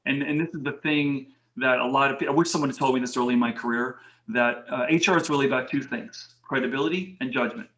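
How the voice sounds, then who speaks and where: A man's voice: mid-range voice, fast talker, hardly any pauses. A middle-aged man, a talent advisor, telling work stories as an interview guest. He talks animatedly, acts out what people said, and uses a lot of "you know". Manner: animated, acts out quoted dialogue, many "you know" fillers. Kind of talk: casual interview storytelling. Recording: roomy echo.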